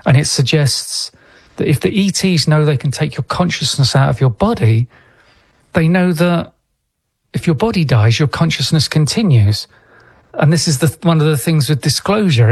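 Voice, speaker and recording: Calm man explaining, dry close sound. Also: medium pitch, no room sound. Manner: calm, earnest, steady explaining with frequent restarts. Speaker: interview guest, podcaster. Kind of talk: explanatory interview answers.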